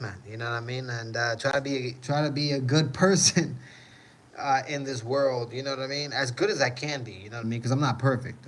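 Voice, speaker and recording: A man's voice: medium pitch, fairly bright tone, low-quality recording. A man hosting a casual livestream, reading chat comments and answering in a rambling way, often repeating "you know what I mean".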